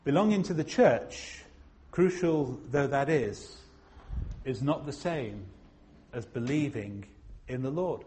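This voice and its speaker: A man preaching a sermon in a slow, emphatic way, pausing for weight on single words. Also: medium pitch, lively intonation, dark tone. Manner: slow, emphatic, with dramatic pauses.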